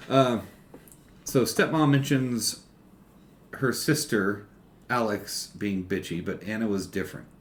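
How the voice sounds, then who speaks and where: A man's voice: lowish voice, takes it slowly, pauses often, a little hiss or hum. A man co-hosting a movie review podcast, steadily summarizing the plot with many fillers. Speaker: podcast co-host. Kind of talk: casual movie review chat.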